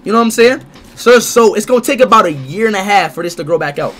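Excitable high-pitched young man. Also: fast talker, slight background noise. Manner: loud, excitable, swears freely. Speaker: streamer. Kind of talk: casual livestream chat.

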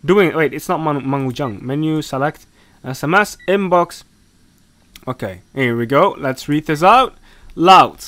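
Animated and forceful at a moderate pace, this man's bright voice carries no echo as he does let's-play commentary on a horror game. Addressing himself and the characters, he mock-scolds, jumps easily, and lurches from low mutters into sudden yelps.

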